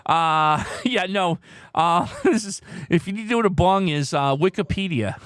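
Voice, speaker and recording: A man's voice: a little high, sing-song, normal speed, fairly bright tone, smooth, dry recording, studio quality. A man hosting a casual live stream, thinking aloud as he weighs guesses and chats with viewers.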